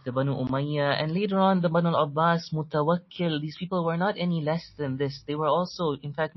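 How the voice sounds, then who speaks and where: Earnest male lecturer, dull lo-fi sound. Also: a little high. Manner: earnest, tells stories, quotes Arabic quickly. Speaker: religious lecturer. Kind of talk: storytelling lecture.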